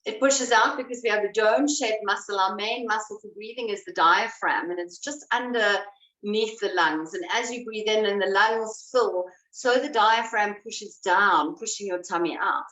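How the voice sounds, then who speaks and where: A woman breathwork instructor leading a guided breathing exercise, giving slow, calm instructions. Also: medium pitch. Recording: roomy sound, voice away from the mic.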